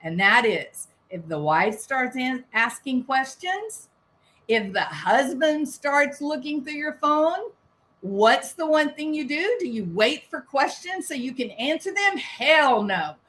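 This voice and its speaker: A woman's voice: sits high, lively intonation, slow, a bit bright. A woman giving sarcastic, indignant commentary on a press conference, firing off rhetorical questions.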